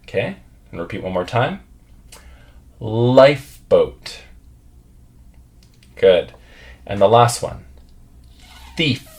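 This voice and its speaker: A man's voice: on the low side, sing-song, normal speed. A man teaching English pronunciation, patiently drilling words and having learners repeat after him.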